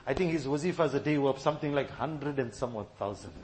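A man's voice: mid-range voice, fast talker, a little hiss or hum. A man preaching a sermon in a mosque gathering, then leading a fervent, pleading supplication with a sobbing, breaking voice. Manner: fervent pleading repetition of "Ya Allah".

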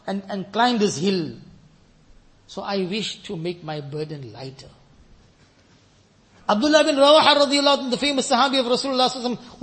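High-voiced fervent male preacher. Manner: swings from loud fervent peaks to quiet storytelling; mixes Arabic quotations into English. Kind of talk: sermon.

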